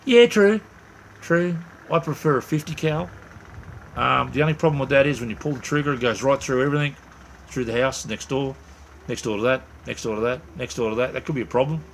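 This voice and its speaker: Speaking fast with a gravelly, steady, medium-pitched voice, this middle-aged Australian livestream host works through viewer comments in a casual live chat. He's chatty and jokey, wanders off on tangents and keeps starting over, with slight background noise behind him.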